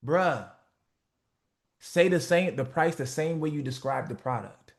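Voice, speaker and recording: A man coaching a group on a motivational call, animated and profane, acting out little skits. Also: fairly high pitch, measured pace, long pauses. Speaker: business coach.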